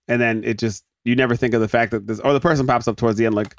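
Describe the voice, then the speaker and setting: An animated man with an ordinary middle pitch runs through a sitcom episode as a comic recap, laughing and dropping into quick mock voices for the characters. His voice sits close and dry on the mic, with no room sound around it. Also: no echo. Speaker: podcast host.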